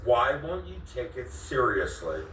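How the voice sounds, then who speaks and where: A man with a cracking, mid-range voice confronts a friend on camera for his vlog, asking the same questions over and over in a pleading, exasperated tone. He sounds very animated and a bit bright at a measured pace, though he's far from the mic in an echoey room with slight background noise.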